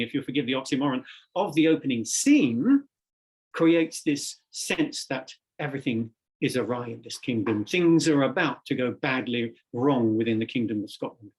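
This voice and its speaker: A man teaching English literature in a measured, explanatory lecture, stressing key words as he goes. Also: medium pitch, husky.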